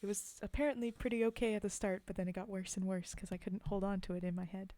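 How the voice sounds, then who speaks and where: A woman's voice: mid-range voice, steady tone, quick pace, dark tone, no echo. A woman streamer chatting casually between poem readings, giggling and filling gaps with ums. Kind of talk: casual chat between poems.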